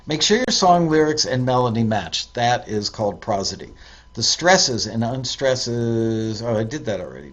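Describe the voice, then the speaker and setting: A man hosting a show, reading out viewer tips in a casual way, with fillers and self-corrections. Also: medium pitch. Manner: reads aloud with hesitant fillers and self-corrections.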